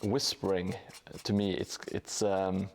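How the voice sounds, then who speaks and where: A man's voice: low voice, little pitch movement, takes it slowly. A man live-streaming his terrain painting in a casual, hesitant way, with many fillers and restarts. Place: home hobby room above a gym.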